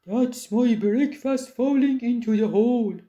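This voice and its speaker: A woman's voice: unhurried, highs cut off, lightly acted. A woman voicing a bumbling, timid male troll in a read-aloud storybook. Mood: eager. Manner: loud, high, strained voice.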